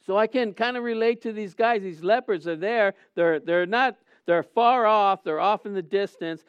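Earnest pastor, high smooth voice. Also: male voice, normal speed, dry recording, dull audio. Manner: earnest, swings from soft to loud, many restarts. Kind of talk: sermon.

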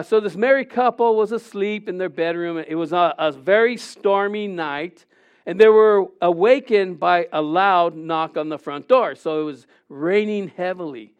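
A man's voice: high voice, clean tone, highs cut off. A man preaching a sermon, reading scripture aloud and telling a story with asides to the congregation. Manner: reads scripture then tells a joke with audience asides and laughter. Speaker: pastor.

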